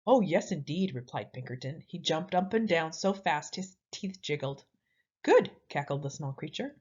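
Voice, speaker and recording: A woman reading a children's picture book aloud in a lively, expressive way. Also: deep voice, moderate pace, slightly rough. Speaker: storyteller. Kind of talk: children's story read-aloud. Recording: slightly dull lo-fi audio.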